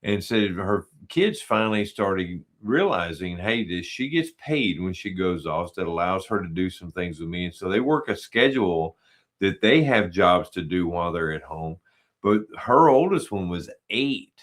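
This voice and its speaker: A man talking casually as a podcast guest, telling stories in a relaxed way and voicing the lines he quotes. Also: low voice, normal speed. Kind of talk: casual conversation.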